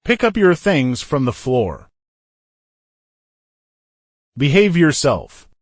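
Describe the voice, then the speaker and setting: A male English teacher with a fairly high, very animated voice reads everyday phrases for learners, his pitch rising and falling a lot. Taking it slowly, he says each phrase alone and then within a fuller sentence. The recording is very dry and close, with no room sound.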